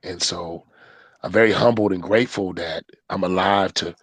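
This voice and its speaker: A man being interviewed as a podcast guest, telling a personal story in casual talk. He jumps between low, mumbled asides and loud, excited quotes, with a lot of slang and "right?" and "you know" tags. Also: moderate pace, breathy edge, no echo.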